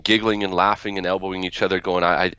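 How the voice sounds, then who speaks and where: A man's voice: deep voice, little pitch movement, quick pace, sharp tone, clean tone, dry recording, muffled recording. A man being interviewed about his book, telling family stories in a chatty way with many restarts. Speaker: guest, author. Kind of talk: interview storytelling.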